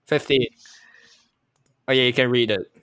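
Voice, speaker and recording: A man's voice: medium pitch, fairly even intonation, unhurried, fairly bright tone, clear, resonant tone, no room sound, clean studio sound. Laid-back man running a tabletop game. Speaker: game master.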